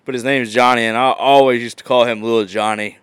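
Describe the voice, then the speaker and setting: A man's voice: mid-range voice, fairly even intonation, fast talker, smooth, dry recording. A man hosting a casual podcast, telling laid-back stories and laughing often. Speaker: podcast host.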